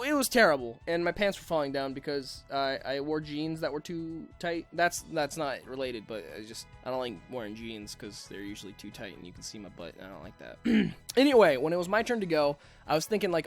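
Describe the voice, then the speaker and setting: A man's voice: on the high side, brisk, few pauses, a bit bright, soft background music. Rambling, sweary young man ranting. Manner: rambling, sweary, self-mocking. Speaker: vlogger. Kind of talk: casual storytime rant.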